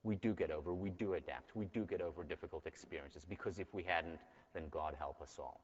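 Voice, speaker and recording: A man's voice: low voice, brisk, slightly rough. Man, university lecturer, earnest storytelling, muffled sound, lecture hall. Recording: dull lecture hall recording.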